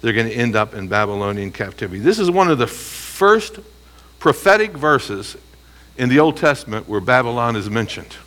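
A man's voice: medium pitch, sing-song, moderate pace, a bit bright. A man teaching a Bible study, reading scripture aloud and answering his own rhetorical questions with emphasis. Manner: reads scripture aloud and comments between phrases.

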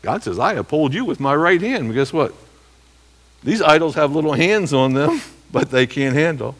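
A man with a voice on the high side preaches an expository sermon at normal speed, expressive throughout. He emphatically reads scripture verses aloud and asks his listeners rhetorical questions.

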